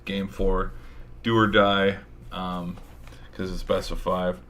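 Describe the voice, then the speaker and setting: A man's voice: low-pitched, little pitch movement, slow pace, a bit bright, slight background noise. A man hosting a sports show, rambling through casual game predictions with hype and mild swearing, his voice a little tired. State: tired, voice giving out.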